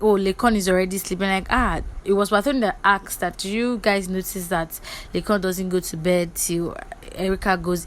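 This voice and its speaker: A woman's voice: medium pitch, poor audio. Chatty woman dishing gossip. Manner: chatty and animated, quick asides. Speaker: vlogger recapping a reality show. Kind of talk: casual gossip recap.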